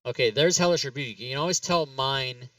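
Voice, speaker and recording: Male host, bright tone, slightly distant mic, rambling self-narration with laughs. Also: mid-range voice, fairly quick, dry recording. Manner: rambling, laughs often, talks himself through steps. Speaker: talk show host. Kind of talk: casual chat while working in game software.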